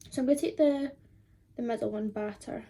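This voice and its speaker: A woman's voice: fairly high pitch, brisk, dark tone, breathy edge. A twenty-year-old woman, chatting casually and rambling with lots of fillers while doing her makeup at home. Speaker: beauty vlogger.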